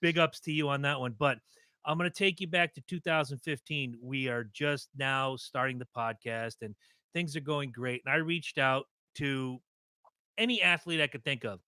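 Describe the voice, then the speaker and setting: Male podcast host, bright and lively, close dry sound. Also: medium pitch, normal speed, clear, resonant tone, no echo. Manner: animated, acts out quotes in loud voices. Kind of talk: casual podcast interview.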